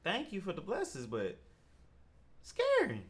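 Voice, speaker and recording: Animated mocking man with a drawl. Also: unhurried. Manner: mocking, laughs a lot, animated slang-heavy delivery with sudden pitch jumps. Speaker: commentary show host. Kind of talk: mocking comedic commentary.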